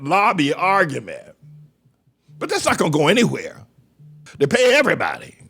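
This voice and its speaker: A man's voice: high voice, a bit bright. A man pastor giving an impassioned sermon-style talk, stretching out emphatic rhetorical questions and repeating phrases for stress.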